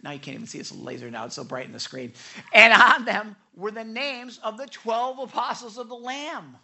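A woman preaching a sermon in an animated way. She often stammers and repeats words, and she acts out the people she quotes. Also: a little high, a little fast, vocal fry.

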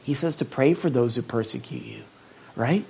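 A male pastor preaching a sermon in a lively, conversational way, often restarting and repeating words and breaking into emphatic outbursts. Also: medium pitch, normal speed, vocal fry, slight background noise.

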